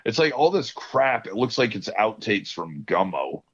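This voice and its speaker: A man's voice: lowish voice, big pitch swings, moderate pace, husky. A man telling rambling stories in casual podcast chat, laughing often. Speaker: podcast co-host. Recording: dull lo-fi sound.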